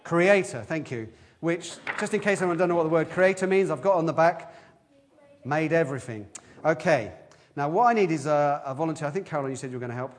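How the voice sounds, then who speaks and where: A man giving a lively, interactive children's talk in a church service, quizzing the children as he goes. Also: fairly high pitch. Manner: lively, questioning the children, quick asides.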